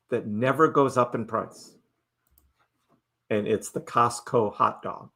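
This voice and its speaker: A man's voice: medium pitch, slow pace, vocal fry, pauses often, a bit bright. A middle-aged man hosting a casual live stream, chatting loosely with his viewers, reading their messages aloud and laughing often. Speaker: livestream host.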